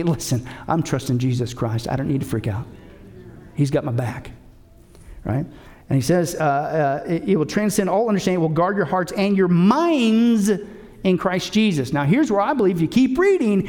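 A male pastor preaching with a high, lifted voice. He presses each point hard and keeps throwing questions back at his listeners. Now and then he drops in a dry joke. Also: a little mellow. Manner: emphatic, asks the audience rhetorical questions. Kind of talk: sermon.

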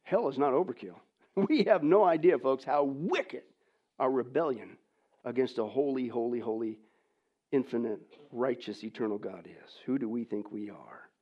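A man with a mid-range voice preaches a sermon at a moderate pace, swinging between hushed, almost whispered lines and loud, emphatic ones while posing rhetorical questions to the audience. The recording is dull and lo-fi.

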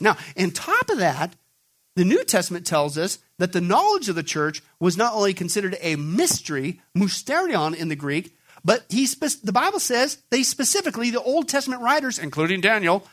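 A man preaching a sermon, asking the audience rhetorical questions and hammering his points with emphasis. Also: a little fast. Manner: emphatic, rhetorical questions, animated pitch swings.

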